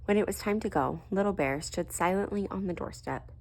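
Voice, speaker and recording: A woman reading a children's picture book aloud, gently lifting her voice for the characters' lines. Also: fairly quick. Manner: gentle, lifts pitch for quoted lines. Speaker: storybook reader. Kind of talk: children's story read-aloud.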